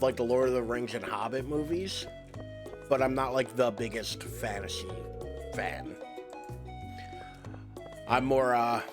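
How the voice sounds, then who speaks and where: A man streaming a farming game, chatting casually and rambling with lots of "like" fillers. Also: medium pitch. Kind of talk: casual gameplay chat.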